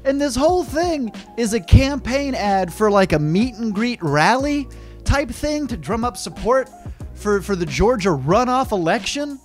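A young man giving mocking, excitable comedic reaction commentary on a video. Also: very high voice, unhurried, faint music behind. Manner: excitable, mocking, laughs at clips. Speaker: YouTube commentator.

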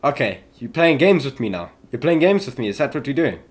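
His mid-range voice swings widely in pitch as he talks fairly quickly through a horror game. The young YouTuber is talkative and jumpy, letting out yelps and shouts at each scare and using "yo" constantly.

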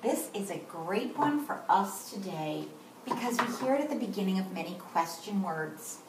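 A woman teaching kindergarten, slow and sing-song and encouraging as she spells out letters and sounds for young children. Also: mid-range voice, expressive, noisy background. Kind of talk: recorded morning lesson for young children. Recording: roomy echo, voice a bit far from mic.

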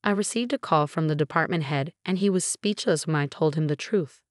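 Low, dry-voiced woman narrating a story. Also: a little fast, no echo. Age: 40s. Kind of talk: scripted first-person story narration.

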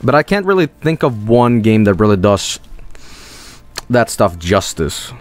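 A man streaming a video game, rambling and swearing in casual commentary with sudden high-pitched outbursts. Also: big pitch swings, measured pace.

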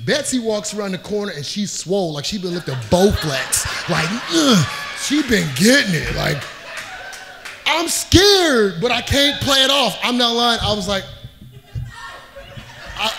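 A middle-aged man telling a funny personal story on stage, acting out the scenes and getting louder as the story turns to panic. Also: high voice, measured pace, soft background music. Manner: animated, acts out scenes, voice rises when panicked. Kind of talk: live comedic storytelling.

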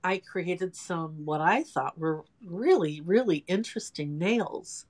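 Chatty woman in her sixties, low-pitched. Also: slow, darkish tone. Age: 60s. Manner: chatty, self-deprecating. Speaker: guest, home nail technician. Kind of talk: casual interview chat. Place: her home salon.

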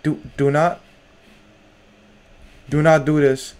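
A man's voice: a little high, flat delivery, slow, a little mellow. A young man playing a horror game, jumpy and nervous, talking to himself in casual slang. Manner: casual slang, lots of "bro". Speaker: gamer. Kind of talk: horror game let's play.

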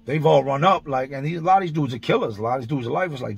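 Guy with a husky voice telling a street story, blunt, cussing, step by step. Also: mid-range voice, racing. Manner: streetwise slang, blunt and profane; vivid, blow-by-blow retelling. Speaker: vlogger recounting prison experiences. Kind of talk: casual storytelling monologue.

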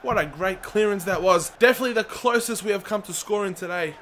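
A man commentating his own football video game, excitable and shouting at the players and the referee. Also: high voice, quick pace, a little hiss or hum. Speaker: gaming channel host.

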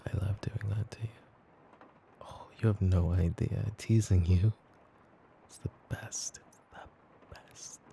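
A man voicing a needy, teasing boyfriend in a whispered role-play, playful and laughing as he switches between whispers and soft talk. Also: lowish voice, steady tone, measured pace, creaky, slight background noise. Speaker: ASMR voice actor.

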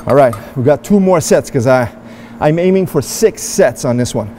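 A man with a slightly high voice coaches through a weightlifting session in an indoor gym. He talks straight to his viewers in an upbeat, encouraging way while he demonstrates. Faint noise sits behind him. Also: expressive, normal speed, dark tone. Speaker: fitness vlogger. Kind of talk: workout demonstration and instruction.

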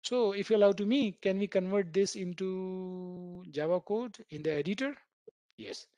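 A man teaches a live programming class in a fairly high voice. He talks students through each idea with homely comparisons and keeps asking "right?" to make sure they follow. The sound is close and dry, with no room around it. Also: normal speed, dark tone, dry recording, lo-fi sound. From India. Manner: keeps checking in with "right?", explains by everyday analogies. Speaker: programming instructor. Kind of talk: live online coding class.

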